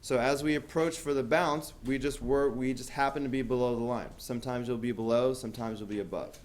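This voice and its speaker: A man's voice: mid-range voice, fairly even intonation, brisk. A man teaching a math class, talking casually with lots of fillers and asking students questions. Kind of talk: classroom lecture.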